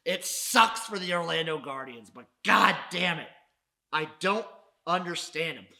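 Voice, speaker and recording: Bright-voiced man ranting about sports. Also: high-pitched. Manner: profane, mock-dramatic ranting. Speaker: sports podcast host. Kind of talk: casual sports recap rant.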